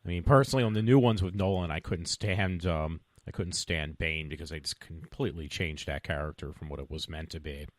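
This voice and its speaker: A man's voice: extremely low pitch, a little fast, hardly any pauses, dry recording. A man chatting as a podcast guest, hesitant, with many "um"s and trailing remarks. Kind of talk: casual chat.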